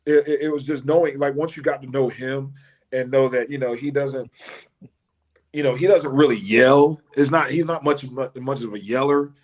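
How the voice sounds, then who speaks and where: A man, a former college football player telling casual stories as a guest on a live show, often restarting and laughing. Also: normal speed. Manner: animated storyteller who mimics his coach in a high voice, laughs often, many restarts.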